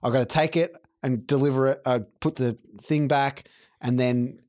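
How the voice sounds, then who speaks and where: A man's voice: medium pitch, fairly even intonation, moderate pace, darkish tone. A man in casual, sweary chat, often saying yeah. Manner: laid-back, swears often, many yeahs.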